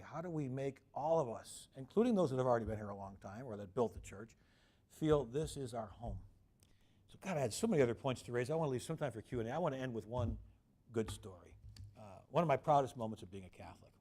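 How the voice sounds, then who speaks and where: A man's voice: medium pitch, quick pace. A middle-aged man lecturing to an audience in a mid-range voice. He tells stories with energy and slips into the voices of the people in them. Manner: animated anecdotes, acting out quoted voices. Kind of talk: public lecture with storytelling.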